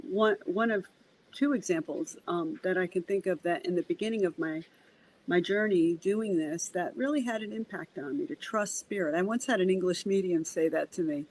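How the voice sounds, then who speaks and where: Animated woman telling stories as a guest. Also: on the low side, rough recording. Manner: animated, acts out dialogue in quotes; repeats words when starting sentences. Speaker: medium, podcast guest. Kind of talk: conversational storytelling.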